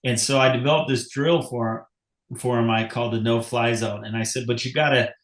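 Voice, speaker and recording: A man hosts a podcast with a mid-pitched, steady voice. He sounds reflective and affirming and tells his own coaching stories. The room around him has a noticeable echo. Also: a little fast. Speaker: podcast host. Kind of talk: casual interview talk.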